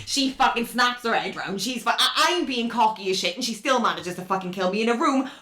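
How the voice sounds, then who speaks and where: A woman's voice: on the high side, lively intonation, fairly quick, bright, forceful tone, echoey room. A woman co-hosting a gaming podcast, telling a story in casual chat and swearing constantly. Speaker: podcast co-host.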